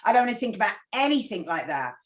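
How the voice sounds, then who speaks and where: A woman's voice: medium pitch, big pitch swings, fast talker. A woman guest speaking candidly and reflectively in a casual podcast conversation. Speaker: guest presenter. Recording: echoey room.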